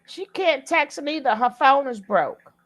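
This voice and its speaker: A woman's voice: sits high, animated, unhurried, fairly bright tone. A woman giving casual reaction commentary, drawling and exclaiming to her viewers.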